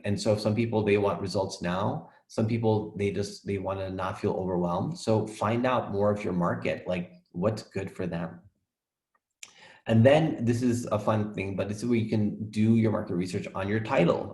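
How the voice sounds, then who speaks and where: Deep-voiced man teaching a coaching lesson. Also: darkish tone, echoey room. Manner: enthusiastic, repeats "right?" and "literally". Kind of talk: recorded course lesson.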